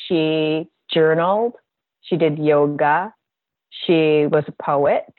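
Heard over a tinny, dry, phone-like connection without echo, a woman guest with a lowish voice tells a personal story. A bodywork practitioner, she speaks in an earnest, heartfelt way, slow and reflective.

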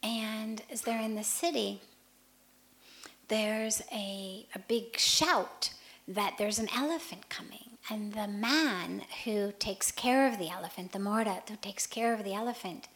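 A woman who is a spiritual teacher hosts a radio talk and tells a parable with animation, moving between hushed and loud passages. Her voice is mid-range and a little slow.

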